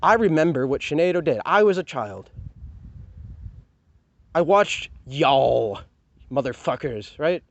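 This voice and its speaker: A man's voice: a little high, lively intonation, a little slow, long pauses, dull audio. A man venting in a heated, profane rant to camera, sarcastic and full of rhetorical questions. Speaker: vlogger. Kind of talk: angry personal rant to camera.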